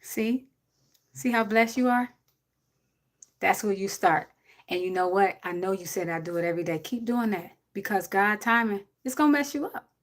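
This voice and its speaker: A woman's voice: mid-range voice, normal speed. A woman, giving blunt, preachy advice to a viewer on a casual livestream. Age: 40s.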